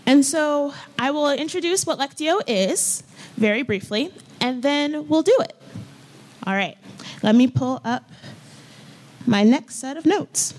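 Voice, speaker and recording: A woman pastor preaching and gently leading her congregation through a guided scripture practice, with an unhurried, inviting manner. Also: high-pitched, lively intonation. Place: church hall with folding chairs.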